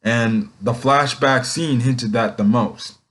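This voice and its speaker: A man recapping a comic chapter in a loose, rambling way, filling pauses with "um" and "essentially" as he goes. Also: mid-range voice, a bit bright. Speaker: manga chapter reviewer. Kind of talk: casual unscripted recap.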